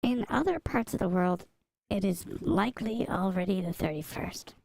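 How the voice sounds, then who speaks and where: A woman casually chatting on a livestream while she draws. She answers chat and mutters softly to herself as she works, speaking into a desk microphone beside her drawing tablet. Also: medium pitch, lively intonation, moderate pace, creaky, dry recording, poor audio. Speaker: streamer drawing live. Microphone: desk mic by a drawing tablet.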